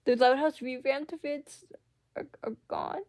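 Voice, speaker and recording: A woman's voice: sits high, steady tone, unhurried, a little mellow, dry recording. Young woman ranting, dry close sound. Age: young adult. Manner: sarcastic, mocking, heavy filler words. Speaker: commentary YouTuber. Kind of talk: casual ranting commentary.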